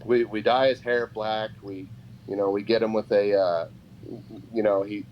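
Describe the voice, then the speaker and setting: A pro wrestler appearing as a podcast guest tells a story casually, animated and acting out quoted voices. His voice is lowish and his pace moderate. The lo-fi podcast audio sounds dull, with faint noise.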